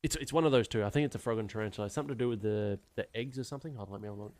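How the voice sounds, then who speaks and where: A young man chatting casually while streaming a game, rambling and swearing with animated wonder. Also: fairly low pitch, racing. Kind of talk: casual chat while gaming.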